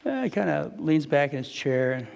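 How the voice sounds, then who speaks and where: Animated man lecturing in a reverberant hall. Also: a little high, normal speed, vocal fry. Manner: animated storytelling, quotes others with raised voice. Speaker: physician lecturer. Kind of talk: live lecture to an audience.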